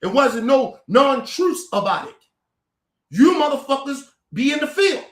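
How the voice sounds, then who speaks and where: Very high-voiced man ranting heatedly. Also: very animated, a little slow. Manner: heated, confrontational, repeats words and stumbles. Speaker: commentator. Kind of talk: angry profane rant to camera. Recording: echoey room.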